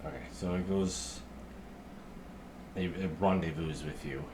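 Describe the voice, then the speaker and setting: A man with a very low voice narrates a tabletop game as its game master. He speaks slowly and in a low-key way, with a faint background hiss. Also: lively intonation, vocal fry.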